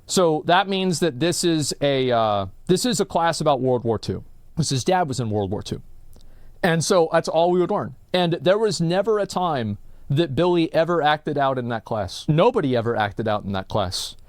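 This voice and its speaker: A man's voice: a little high, expressive, normal speed, no room sound, studio quality. A man from Texas hosting a live stream, telling a long story in a rambling, profane way full of filler words.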